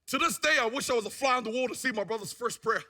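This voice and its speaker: Testimony speaker: man, very high and bright voice, lively storyteller. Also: fast. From New Zealand. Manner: animated storyteller who acts out what people said. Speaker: guest speaker giving a testimony.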